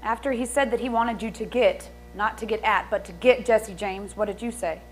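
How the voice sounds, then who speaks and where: A woman playing a lawyer who questions a witness in a measured, methodical way. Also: fairly high pitch, faint music behind, lightly acted, rough recording. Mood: probing. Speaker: attorney. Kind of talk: improvised courtroom drama.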